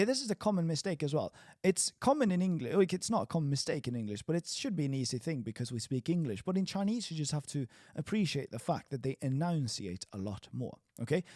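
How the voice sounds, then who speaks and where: Brief: male language tutor, upbeat, very lively pitch, dry close sound, drills sounds up high. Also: dry recording. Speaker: Chinese teacher. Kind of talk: recorded online pronunciation lesson.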